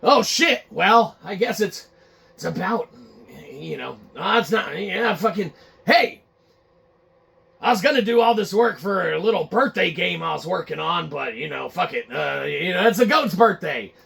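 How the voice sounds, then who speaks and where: A man's voice: high-pitched, expressive, moderate pace, vocal fry, pushed and bright, slightly rough, distant mic, heavily acted. A man doing a flustered, cursing game developer. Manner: flustered, rambling, profane.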